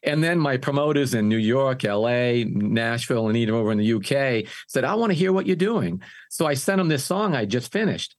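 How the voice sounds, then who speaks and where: A man's voice: medium pitch, expressive, brisk, hardly any pauses. An older man, a singer and music producer, telling his story in a casual interview and often restarting his phrases.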